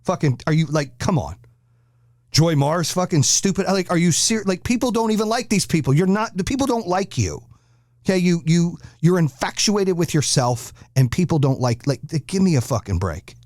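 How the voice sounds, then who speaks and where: Foul-mouthed ranting podcast host, dry sound. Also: male voice, on the high side, animated, moderate pace, a little mellow, dry recording. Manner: blunt, aggressive, swears constantly. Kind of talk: profane ranting monologue.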